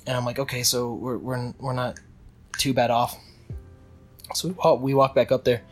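A man's voice: mid-range voice, flat delivery, normal speed, soft background music. A young man casually telling a long story with many restarts, acting out what people said. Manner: rambling with restarts, acts out quotes.

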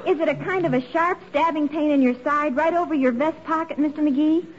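A woman's voice: high-pitched, brisk, lightly acted. An actress playing a naive, scatterbrained young woman in 1940s radio acting style, sweet and earnest. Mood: chirpy. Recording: dull old radio broadcast.

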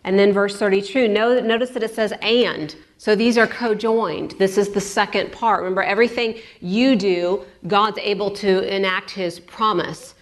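A woman's voice: medium pitch, steady tone, moderate pace, hardly any pauses. A woman pastor preaching a sermon in a chatty way, repeating words for emphasis. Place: church.

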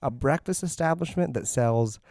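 A man's voice: medium pitch, lively intonation, normal speed, gravelly, a little mellow, no echo, studio quality. A man co-hosting a podcast, chatting casually and ranting with comic, profane exaggeration. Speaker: podcast co-host. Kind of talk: casual chat.

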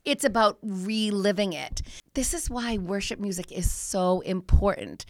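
A woman's voice: mid-range voice, unhurried, dry recording, clean studio sound. A woman co-hosting a casual chat show about hymns, talking in an earnest, explaining way. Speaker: co-host.

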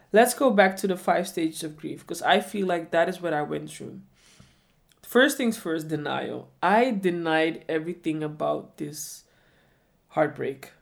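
A woman's voice: mid-range voice, darkish tone. A woman in her twenties telling a personal story in a reflective way, often repeating questions to herself. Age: 20s. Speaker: vlogger.

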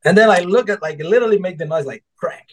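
Animated storytelling man, fairly high voice. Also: rapid-fire, poor audio. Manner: animated, swearing, acts out quotes. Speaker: guest author and former server. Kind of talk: casual storytelling.

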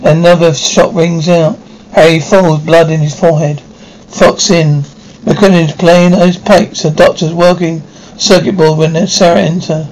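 A man's voice: a little high, little pitch movement, a little slow, a little mellow, slight background noise, poor audio. A man reading a script's stage directions aloud, casually and with small slips.

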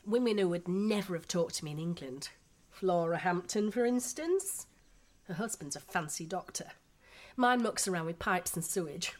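A woman's voice: lowish voice, moderate pace, lightly acted. An actress in her thirties with a Yorkshire accent, playing a frank, gossipy expat housewife and mother in a radio drama. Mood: chatty. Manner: blunt, gossipy, down-to-earth.

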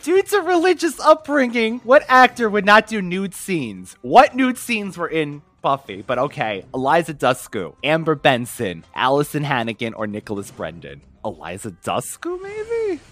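Lively man reading trivia questions. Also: a little high, normal speed, hardly any pauses, dry recording. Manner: animated, laughing, reads questions aloud. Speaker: quiz host. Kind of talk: casual trivia chat.

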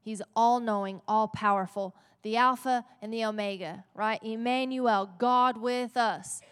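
A woman's voice: a little high, steady tone, measured pace, clean tone. A woman pastor preaching a sermon in a playful, conversational way, often checking in with the congregation. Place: church sanctuary. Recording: long church reverb.

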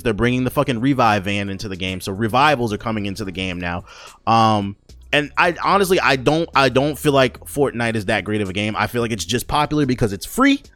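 A man's voice: mid-range voice, fairly bright tone, no echo. A man hosting a casual solo podcast, joking and ranting with lots of swearing and restarts. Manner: profane, joking, rambling with restarts. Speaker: podcast host.

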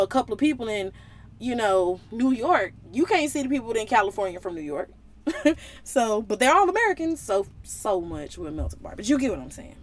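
A woman giving a casual Bible teaching, talking straight to her viewers. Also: a little high. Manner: animated, talks to viewers directly.

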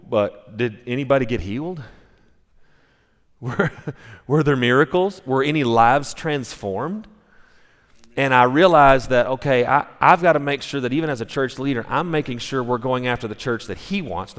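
A man's voice: medium pitch, normal speed. A male pastor preaching a sermon, telling stories in a conversational way with frequent restarts. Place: church sanctuary. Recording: long reverb of a church hall.

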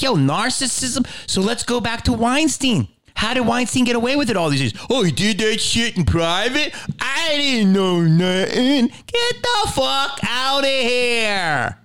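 A middle-aged man delivers a heated solo rant on his podcast, heavy on profanity. His voice sits a bit higher than most men's. He swings from loud, fired-up outbursts to low, muttered grumbling. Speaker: podcast host.

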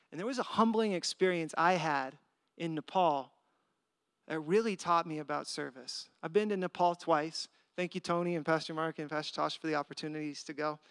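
Animated man telling a sermon story. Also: a little high, clear, resonant tone, dry recording, clean studio sound. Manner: animated, acts out voices in his story. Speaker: pastor.

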